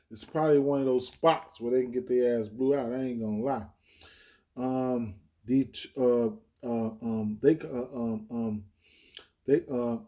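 A man's voice: mid-range voice, dark tone. Laid-back profane man talking bets. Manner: loose, profane, thinking aloud with many fillers. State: hiccuping. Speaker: sports betting channel host. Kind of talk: casual betting picks breakdown.

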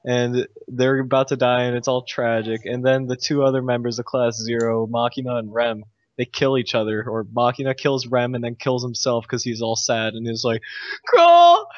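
A man's voice: medium pitch, level tone, moderate pace, no echo. Exasperated young man ranting, lo-fi. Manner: exasperated, sarcastic, sighing. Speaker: gamer recounting a game. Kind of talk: casual rant to camera. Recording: dull lo-fi dry recording.

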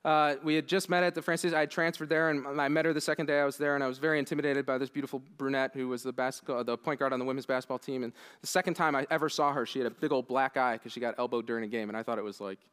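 A young man giving a conference keynote, telling a funny story and acting out his own lines with lively, self-deprecating energy. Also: mid-range voice, racing, hardly any pauses, clear, resonant tone. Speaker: keynote speaker. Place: conference hall.

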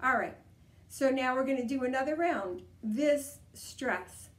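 A woman leading a guided tapping session, coaching calmly and repeating each step. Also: high voice, brisk. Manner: calm, repetitive, coaching tone. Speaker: EFT tapping practitioner. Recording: echoey room.

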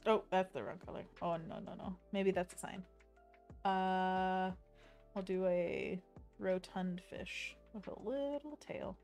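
A woman's voice: mid-range voice, slow, darkish tone, faint music behind. A woman streaming her drawing, chatting playfully and reading viewer messages aloud. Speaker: art streamer. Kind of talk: casual chat while drawing on stream.

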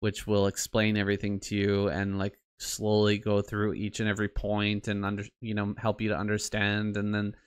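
A man in casual podcast chat, talking haltingly with many fillers and restarts. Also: fairly low pitch, completely flat delivery, clear, resonant tone, no echo, clean studio sound. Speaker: podcast co-host.

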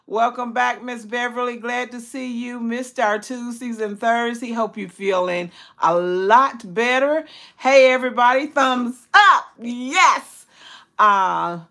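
Older woman hosting a slow, chatty livestream; bright, high voice. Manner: reads out viewer comments, greets them warmly by name; excited high squeals and laughter when greeting friends. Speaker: cooking channel host. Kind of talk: casual livestream chat.

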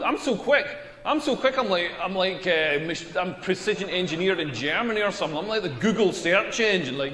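A man with a Scottish accent playing a crude stand-up comedian performing his set in a game. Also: high-pitched. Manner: crude, brash deadpan punchlines. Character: brash crude male stand-up comic. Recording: echoey hall with long reverb.

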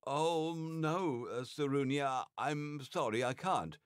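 A man voicing Mikola, an excitable village moonshiner, in a raised, animated voice. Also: fairly high pitch, slow pace, no room sound, studio quality, pitched above the performer's own voice. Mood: apologetic. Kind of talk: game voice acting.

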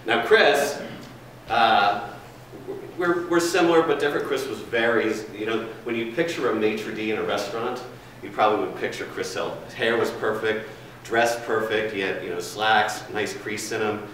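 A man's voice: lowish voice, moderate pace, a bit bright. Chatty man telling stories in an echoey room. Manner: rambling, folksy, chatty with fillers. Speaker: food and beverage trainer. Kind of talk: storytelling, then presenting to a room. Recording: distant, very echoey room with faint noise.

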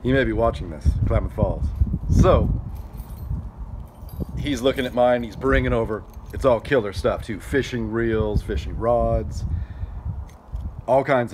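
A man vlogging outdoors at a storage facility, telling a story in a chatty, animated way and acting out other people's lines. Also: medium pitch, noisy background. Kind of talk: casual storytelling vlog.

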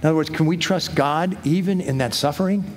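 A middle-aged man preaching a sermon in an earnest, heartfelt way, his voice sitting a little high. He reads scripture aloud with lifting emphasis. A faint hiss of noise runs under him. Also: fast talker, a little mellow. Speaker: pastor. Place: church hall.

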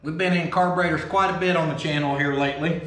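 A vlog host with a drawl tears into fan mail, talking fast and casually, swearing easily, full of folksy excitement. His voice sits high for a man, the roomy workshop adds plenty of echo, and the background is noisy.

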